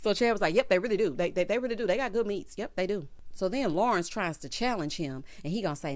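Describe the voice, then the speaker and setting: A woman casually recapping a TV episode, sassy and quick to burst into loud laughter. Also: mid-range voice, lively intonation, no room sound. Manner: sassy, laughs loudly, acts out characters' lines. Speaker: TV recap vlogger.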